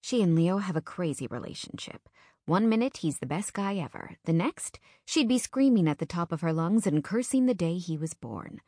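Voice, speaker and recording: A woman's voice: on the low side, expressive, normal speed, mellow, no room sound. Woman, young adult, first-person audiobook narration, earnest, intimate, dry close studio sound.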